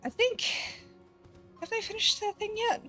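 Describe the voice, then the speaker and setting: A woman's voice: very high voice, measured pace, pushed and bright, soft background music. A woman streaming a game, chatting casually, swearing freely and laughing often. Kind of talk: casual gameplay chat.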